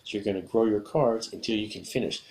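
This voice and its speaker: A man's voice: on the low side, darkish tone. A man teaching English vocabulary to children, explaining a card game and drilling words with gestures in a patient, repetitive way. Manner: patient, repeats words slowly for young learners.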